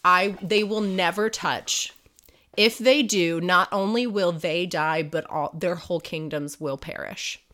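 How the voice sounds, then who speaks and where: A woman voicing a vengeful goddess who lays a curse, in a hushed, menacing voice as whispered role-play. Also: deep voice, unhurried, hardly any pauses, voice pushed down. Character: vengeful goddess cursing two kingdoms.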